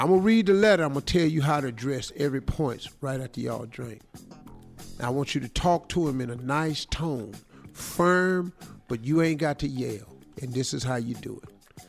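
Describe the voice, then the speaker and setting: A man hosting a radio morning show, giving comic advice in a joking, slangy, animated way. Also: medium pitch, normal speed, creaky, faint music behind. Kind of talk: comic advice talk, role-playing a letter writer.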